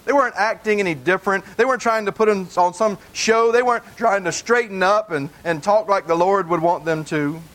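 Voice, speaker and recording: A man's voice: high-pitched, brisk, few pauses, fairly bright tone, low-quality recording. A male pastor preaching a conversational sermon in a plain, folksy way, earnestly repeating key points for emphasis.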